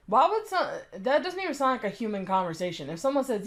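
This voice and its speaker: A woman's voice: on the high side, very animated, fairly quick, few pauses. A woman giving a blunt, exasperated reaction commentary, cussing as she picks apart someone's story. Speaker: commentary YouTuber.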